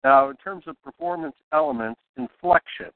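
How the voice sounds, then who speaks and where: A man hosting a show, giving a casual broadcasting lesson in a relaxed, rambling way with lots of fillers. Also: sits high, normal speed, creaky, no room sound. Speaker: podcast host teaching broadcasting. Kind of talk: casual instructional talk. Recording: tinny phone-like, dry.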